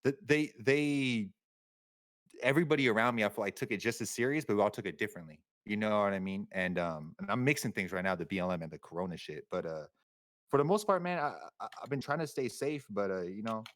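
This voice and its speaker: Fast-talking young man, rambling slang. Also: lowish voice, animated, dry recording. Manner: rambling, slangy, swears a lot. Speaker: podcast guest. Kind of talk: casual chat.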